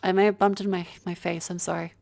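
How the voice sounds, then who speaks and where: A woman's voice: lowish voice, flat delivery, fast, vocal fry, a little mellow. A woman streamer in casual live-stream chat, talking through a microphone test step by step as she moves a handheld mic to different distances. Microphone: handheld mic moved to different distances.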